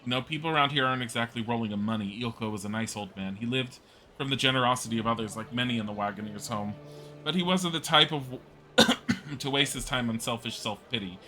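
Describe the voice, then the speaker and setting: Upset townswoman giving testimony, a streamer reading her out, bright and forceful. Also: medium pitch, fairly quick, soft background music, lightly acted. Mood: distressed. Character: upset middle-aged townswoman witness.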